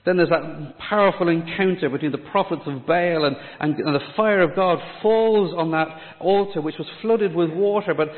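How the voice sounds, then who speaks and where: A man's voice: a little high, normal speed, few pauses. Man preaching in an echoey hall. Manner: dramatic, drops to a hush on key words. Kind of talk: sermon. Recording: echoey hall, tinny phone-like sound.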